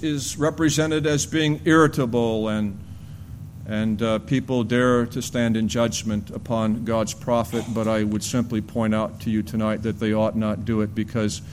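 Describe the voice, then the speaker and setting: Guy preaching a sermon in church, earnest, gets lively telling the story then goes quiet and grave, mid pitch, faint rumble behind. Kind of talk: expository sermon.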